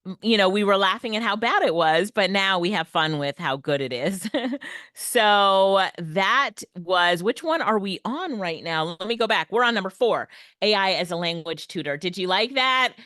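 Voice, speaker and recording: A woman's voice: mid-range voice, lively intonation, normal speed, fairly bright tone, no echo, clean studio sound. A woman presenting an online workshop on everyday AI tools, upbeat and laughing often. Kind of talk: online tech lesson. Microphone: headset or desk mic, video call.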